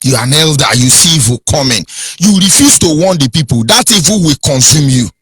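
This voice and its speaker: A man's voice: expressive, brisk, a bit bright, breathy edge. Fiery Nigerian man preaching on radio. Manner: preachy, emphatic, swings from low and grave to high and heated. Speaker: radio anchor. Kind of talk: impassioned radio talk.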